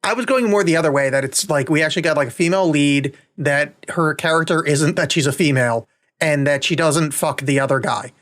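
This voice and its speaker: A man co-hosting a podcast in casual chat, blunt and profane and quick to joke. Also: a little high, fairly bright tone. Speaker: podcast co-host.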